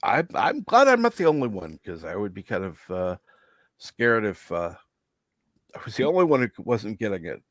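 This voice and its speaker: A man's voice: on the low side, very animated, normal speed, fairly bright tone, no echo. A man co-hosting a podcast, teasing and joking in casual chat.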